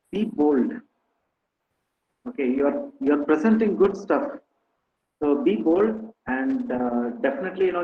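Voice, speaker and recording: A man's voice: on the high side, a little hiss or hum. A man on a judging panel giving direct, coaching feedback to a student. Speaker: panel judge. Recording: echoey phone-like call.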